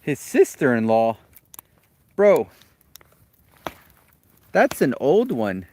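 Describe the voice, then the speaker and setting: An easygoing man chats with viewers from beside a campfire outside a remote cabin. He talks casually to his dog and answers comments as he goes, with an ordinary voice that is neither high nor low. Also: a little slow. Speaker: vlogger. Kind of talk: casual live-stream chat.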